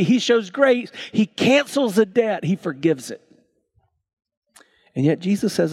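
A man preaching from the pulpit, his voice sitting somewhat high for a man. He tells stories vividly, stammering through restarts and jumping between loud, excited outbursts and hushed, earnest asides. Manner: animated storyteller, acts out characters with big swings in pitch and volume. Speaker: pastor. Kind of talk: sermon.

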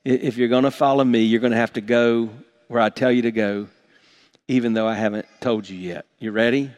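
A man's voice: mid-range voice, fairly even intonation, brisk, darkish tone. A man preaching a sermon to his congregation, earnest and emphatic, often repeating and restarting words. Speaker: pastor.

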